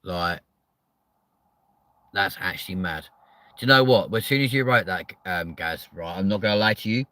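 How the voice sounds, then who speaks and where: A man, hosting a live chat show with loud, sweary, joking banter. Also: deep voice, normal speed, long pauses, no room sound. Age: 30s.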